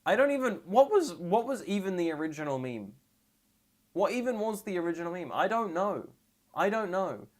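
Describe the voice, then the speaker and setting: A trans woman streaming live and reacting to memes, rambling and sarcastic with deadpan asides, and tired. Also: on the low side, normal speed.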